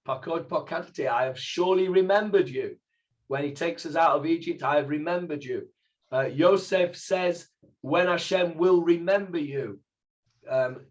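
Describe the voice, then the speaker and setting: A man's voice: fairly high pitch, unhurried, lo-fi sound. A middle-aged man, a rabbi teaching an informal Bible class, who explains Hebrew words step by step and asks the class questions. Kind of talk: informal text study class.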